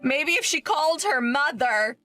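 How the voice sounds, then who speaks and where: Brief: fairly high woman, mock-offended casual banter. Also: lively intonation, moderate pace, pushed and bright, no room sound. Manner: mock-aggrieved, joking about being ignored. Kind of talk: casual chat.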